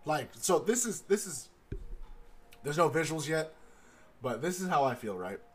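Podcast host, male, a touch high-pitched, profane comedic rant, does quick impressions of people, recorded in a studio booth. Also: husky. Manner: animated, swears constantly, mimics people he describes.

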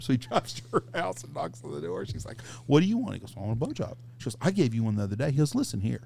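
A middle-aged man hosting a podcast, telling a crude anecdote in a casual, profane, animated way. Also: mid-range voice, fast talker, gravelly, slight background noise. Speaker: podcast host. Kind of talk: casual storytelling.

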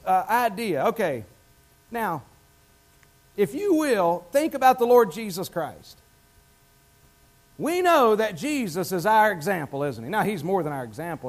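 A man's voice: sits high, sing-song, a little slow. A male pastor preaching a sermon in a church, talking conversationally and asking the congregation questions.

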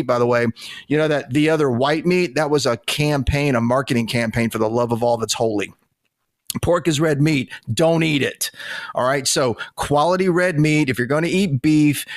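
A man's voice: on the high side, no echo. A man hosting a podcast from his studio, talking bluntly and with exasperation, swearing freely. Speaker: podcast host. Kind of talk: casual podcast talk.

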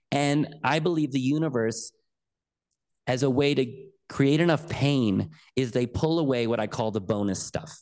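A man speaking as a podcast guest, earnest and emphatic as he tells a personal story. His delivery is lively, and he leans into key words. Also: medium pitch, moderate pace. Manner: earnest, emphatic, animated retelling.

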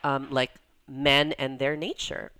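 This women's coach has a very deep, clear, resonant voice with a slightly bright quality, yet her delivery is flat and slow. Interviewed casually on a podcast, she chats with plenty of "like" and "you know" fillers and acts out quoted voices.

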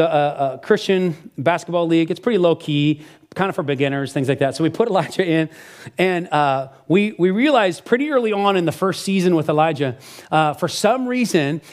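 A middle-aged man preaching a sermon as pastor, telling stories in a lively conversational way with frequent restarts. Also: a little high.

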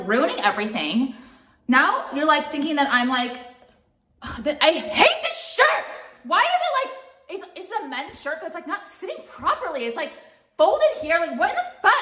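Huge pitch swings mark this makeup vlogger's high, bright, forceful voice as she rants at home at a moderate pace in an echoey room. The monologue is exasperated and profane, with "like" nearly everywhere.

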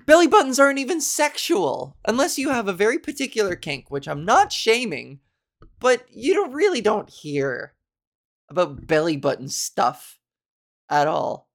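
A woman comedian hosting a podcast, telling stories in a casual, chatty way with wry, self-mocking asides. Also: mid-range voice. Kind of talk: casual comic storytelling.

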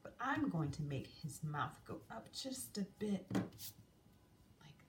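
A woman's voice: mid-range voice, very animated, slow pace, in a whisper. A woman teaching young children a drawing lesson, coaxing and sing-song as she draws and asks them questions. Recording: distant mic, faint room noise.

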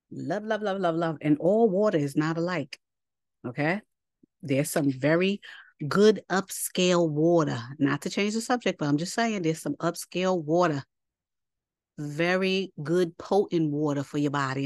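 A woman's voice: deep voice, darkish tone, no echo, clean studio sound. A woman teaching a scripture lesson in a chatty, colloquial way, reading passages and breaking off into asides. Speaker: Bible teacher.

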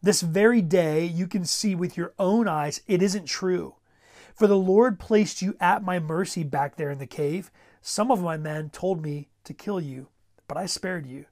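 A man's voice: high-pitched, a little slow, darkish tone. A preacher voicing David, a young male warrior who earnestly pleads with his king, read out during a sermon retelling. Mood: pleading.

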